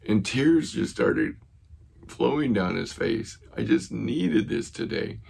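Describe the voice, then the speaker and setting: A man's voice: fairly low pitch, expressive, takes it slowly, creaky, a little mellow, slight background noise. A man preaching a sermon as a pastor, telling a story earnestly and retelling conversations.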